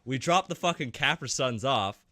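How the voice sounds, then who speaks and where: Man, podcast co-host, joking banter, swearing, bright voice, dry close mic. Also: mid-range voice, lively intonation, normal speed, no room sound. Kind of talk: casual gaming podcast chat.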